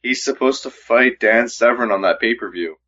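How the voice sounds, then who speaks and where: A man's voice: medium pitch, moderate pace, bright, forceful tone. A man co-hosting a casual fight-sports podcast, conversational and asking questions. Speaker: podcast co-host. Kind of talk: casual MMA talk. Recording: dull lo-fi mic.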